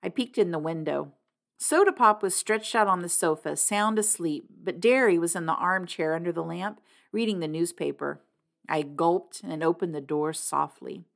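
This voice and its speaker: A woman's voice: on the low side, moderate pace, vocal fry. A woman reading a novel aloud, narrating expressively in the first person. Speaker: reader.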